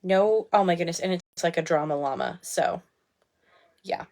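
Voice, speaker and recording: Brief: woman in her 30s, live video from a small bathroom, candid and heartfelt, quick to laugh, lowish voice. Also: darkish tone. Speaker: life coach. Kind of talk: casual live video talk.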